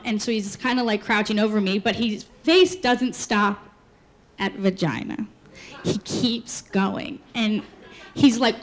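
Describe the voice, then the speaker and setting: A woman telling a candid, rambling personal story on stage, laughing through her punchlines. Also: on the high side. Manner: candid, rambling, full of "like" and "you know". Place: storytelling stage before a live audience. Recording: live stage mic with audience noise. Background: audience laughter.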